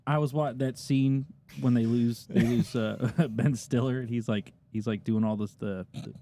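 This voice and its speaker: A man's voice: mid-range voice, steady tone, normal speed, warm tone. A young man co-hosting a podcast in casual chat, swearing freely and laughing through his stories. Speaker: podcast co-host.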